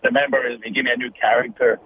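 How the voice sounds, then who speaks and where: A man's voice: medium pitch, flat delivery, quick pace. A Scottish man in his thirties, a wrestler, telling his story in an earnest, reflective way over the phone. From Scotland. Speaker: guest wrestler. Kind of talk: casual interview over the phone. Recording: tinny phone line with faint noise.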